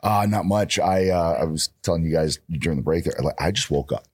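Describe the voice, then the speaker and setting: Deep raspy-voiced man, just woke up. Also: a little fast, dry recording. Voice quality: deep and husky. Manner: laid-back, self-deprecating chat. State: morning voice, raspy. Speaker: guest wrestler. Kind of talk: casual chat. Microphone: studio microphone.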